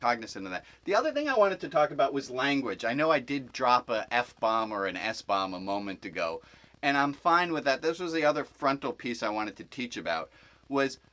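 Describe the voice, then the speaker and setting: A man's voice: medium pitch, sing-song, moderate pace, a bit bright, poor audio. A man who is a rabbi, giving an informal spiritual teaching to a group as a rambling storyteller who corrects himself with asides.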